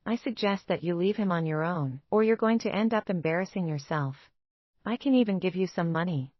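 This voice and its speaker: A woman's voice: fairly low pitch, a little fast, no room sound, muffled recording, close to an everyday voice. A woman reading as a taunting rich fiancée. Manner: sharp, taunting. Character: scornful young woman, a rich rival fiancée.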